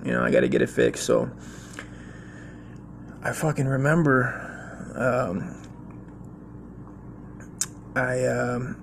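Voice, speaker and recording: A man's voice: mid-range voice, gravelly, a little hiss or hum. A man in his forties telling a rambling, slangy, profane story in a casual way.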